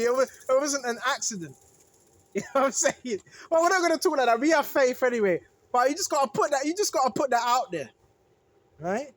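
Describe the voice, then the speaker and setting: A religious video maker preaching casually to viewers, repeating phrases for emphasis, restarting sentences and often asking "right?". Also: mid-range voice. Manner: self-correcting, restarts phrases.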